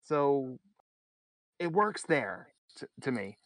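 A man's voice: medium pitch, very animated, takes it slowly, no echo. Guy laughing a lot while chatting on a podcast, rambly, dry close sound. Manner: laughs often, rambling with restarts. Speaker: podcast guest. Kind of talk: casual chat.

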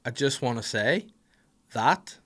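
Man, Northern Irish accent, thirties, podcast host, casual comedic rant, animated and jokey, mid-pitched voice. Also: slow pace, husky. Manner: animated, jokey, acts out little scenes with voices.

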